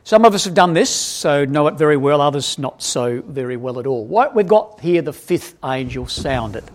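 A man leads his congregation through a passage of scripture, pitched a little high for a man. His delivery rises and falls with animation, and he keeps tossing questions to the listeners and stopping to fix his own slips. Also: normal speed. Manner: animated, asks the audience questions, self-correcting. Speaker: preacher. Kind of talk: expository Bible teaching.

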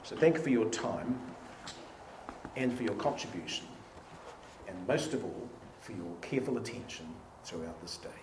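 A man's voice: lowish voice, lively intonation, normal speed, pauses often. A man leading a church study meeting, reading hymn and psalm lines aloud with emphasis. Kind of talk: informal Bible study talk. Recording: echoey room with faint hiss.

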